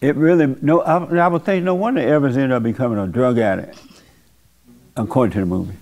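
A man's voice: medium pitch, quick pace, darkish tone. A man hosting a church talk show, telling stories in a folksy, blunt preaching manner. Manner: folksy storytelling with blunt opinions. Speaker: host and pastor. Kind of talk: casual preaching chat.

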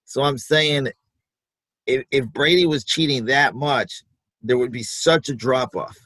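A man's voice: medium pitch, a little slow, fairly bright tone, dry recording, poor audio. A man co-hosting a sports podcast, arguing his point casually with examples and plenty of fillers. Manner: conversational, builds arguments with examples, many fillers. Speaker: podcast co-host.

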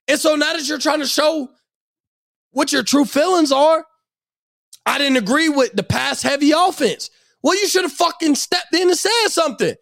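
Man, very high voice, gravelly fry, angry profane sports rant, emphatic. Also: a bit bright. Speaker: sports commentator.

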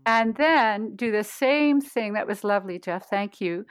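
A woman's voice: mid-range voice, unhurried, clear, resonant tone. A woman voice coach guiding exercises patiently, demonstrating hums and chants. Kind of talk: guided voice exercises.

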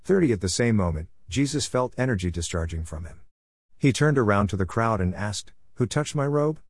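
A man reads scripture aloud with a measured, steady delivery, calling out verse numbers between passages. His voice sits fairly low, and the recording is dry and close with no room sound. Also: husky, dry recording. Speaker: Bible reader. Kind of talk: scripted Bible reading.

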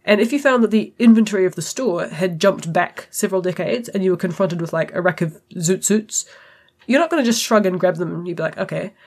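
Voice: mid-range voice, a little fast. A podcast co-host with a New Zealand accent, explaining points in a casual, matter-of-fact way. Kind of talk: casual discussion.

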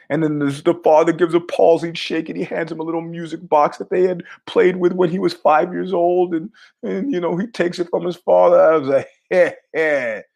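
Animated, laughing man hosting a podcast. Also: on the high side, vocal fry. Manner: animated storyteller, laughs often, swears freely. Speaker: podcast host. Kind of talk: casual rambling commentary.

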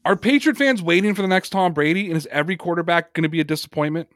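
A man's voice: fairly high pitch, very fast, fairly bright tone, dry recording, studio quality. A man co-hosting a sports podcast, talking casually and emphatically, repeating words for effect. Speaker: podcast co-host.

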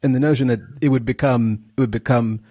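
A man's voice: mid-range voice, steady tone, fast talker, mellow, no room sound, clean studio sound. A man co-hosting a podcast, chatting casually with sardonic, ironic asides. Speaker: podcast co-host. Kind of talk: casual chat.

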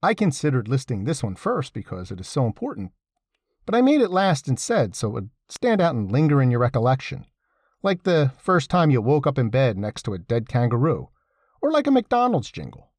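A man's voice: medium pitch, wildly swooping pitch, a little fast, a little mellow, no room sound, studio quality. A man reading his own essay aloud, with wry, sardonic asides and an emphatic delivery. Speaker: essay reader.

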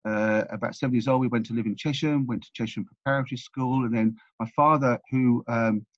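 An Englishman in his sixties talks quickly through rambling life stories, often restarting his sentences. His voice is husky. The recording is dry and somewhat dull. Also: medium pitch, fairly even intonation, dry recording. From England. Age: 60s. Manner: rambling, anecdotal, many restarts. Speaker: guest. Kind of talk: casual storytelling interview.

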